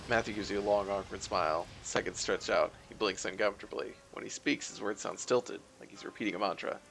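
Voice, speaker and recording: A man's voice: fairly low pitch, a little fast, vocal fry, hardly any pauses, a bit bright, a little hiss or hum. A man streaming a game, reading its text aloud with wry, offhand asides.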